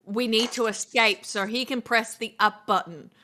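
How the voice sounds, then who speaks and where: A woman's voice: fairly high pitch, steady tone, normal speed, sharp tone. A woman playing a tabletop game, scheming plans and joking. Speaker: player. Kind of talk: casual tabletop play.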